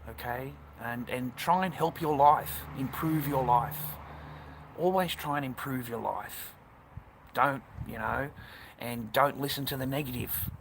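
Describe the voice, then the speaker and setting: Over a hissy, noisy background, a man streaming live rambles on casually and bluntly, cursing all the time. His mid-range voice moves a little slowly and carries vocal fry.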